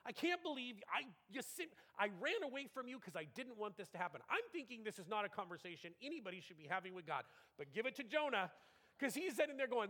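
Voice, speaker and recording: Higher-voiced man preaching a sermon. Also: fast, in a large hall. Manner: animated, conversational, acts out quotes.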